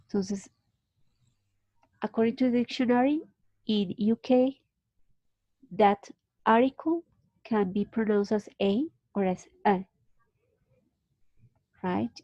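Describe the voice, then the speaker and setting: A woman's voice: on the high side, no room sound, muffled recording. Colombian woman teaching English, patient. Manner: patient, explains slowly with restarts. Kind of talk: online class explanation.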